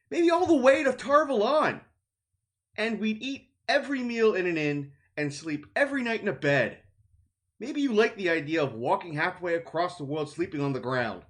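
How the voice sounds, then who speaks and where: A man's voice: high-pitched, a bit bright, pitched above the performer's own voice. A man voicing a hungry, frustrated young farm lad who pleads in a raised voice.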